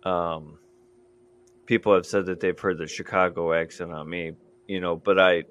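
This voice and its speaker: A man's voice: deep voice, flat delivery, moderate pace, a bit bright, highs cut off. A man from Indiana and Michigan hosting a casual podcast chat, easygoing and hesitant, with many ums. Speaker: podcast host.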